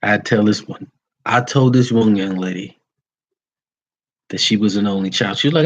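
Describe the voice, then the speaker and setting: A Vodou priest speaks to his followers on a casual livestream, folksy and plain-spoken, calling them "y'all." His voice is lowish and moderately paced, broken by long pauses, and the recording sounds muffled.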